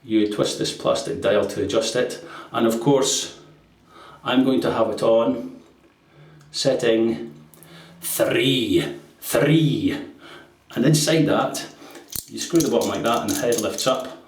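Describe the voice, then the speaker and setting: A man's voice: medium pitch, unhurried. A man hosting a shaving video, chatting casually to the camera and laughing at his own jokes. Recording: roomy sound from a distance.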